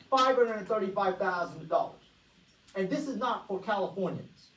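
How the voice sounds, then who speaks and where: Energetic woman presenting in an echoey room. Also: medium pitch. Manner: energetic, rhetorical questions to the audience. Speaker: financial workshop presenter. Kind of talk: motivational presentation. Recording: echoey room, voice far from mic.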